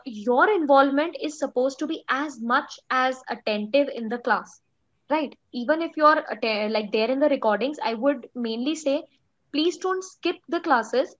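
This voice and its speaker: Young female teacher, Indian English accent, high voice, casual filler-heavy lecture. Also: dull audio. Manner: chatty, fillers like "okay" and "like". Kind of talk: online class lecture.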